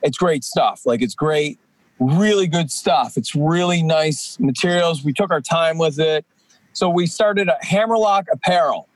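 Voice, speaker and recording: A man in his forties from Atlantic Canada, a professional wrestler, guests on a podcast and rambles casually with lots of fillers and restarts. His voice is on the high side and a little slow, and the recording is dry and rough.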